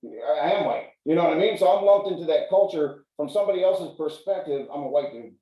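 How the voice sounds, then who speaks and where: Man, host, fairly high pitch, dark mellow tone, profane musing, roomy room, off-mic. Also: expressive, fast. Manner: profane, philosophizing. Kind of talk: casual podcast chat. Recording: roomy sound, mic at a distance.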